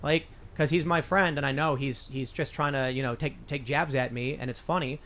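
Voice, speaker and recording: A man's voice: mid-range voice, steady tone, moderate pace, a bit bright, a little hiss or hum. Man hosting a rambling talk show. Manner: rambling anecdotes with frequent restarts. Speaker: show host. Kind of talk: casual panel discussion. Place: podcast studio.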